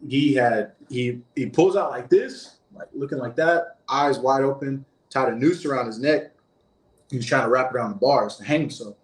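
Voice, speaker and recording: A man's voice: medium pitch, normal speed. Rambling male storyteller in an echoey room. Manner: loose, rambling telling with many restarts and fillers. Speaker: former prison guard, interview guest. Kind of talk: casual first-person storytelling.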